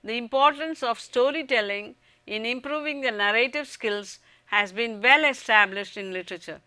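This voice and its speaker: A woman with an Indian English accent reading a scripted lecture on teaching, in an even, formal way. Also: fairly high pitch, normal speed, no room sound. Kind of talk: scripted educational narration.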